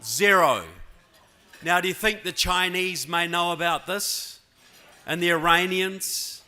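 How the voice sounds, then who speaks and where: A man's voice: sits high, level tone, a little slow, sharp tone, smooth. A man in his fifties from New Zealand with a New Zealand accent, giving a keynote speech at a political convention and often checking in with the crowd. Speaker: keynote speaker. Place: large conference hall. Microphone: handheld or podium mic.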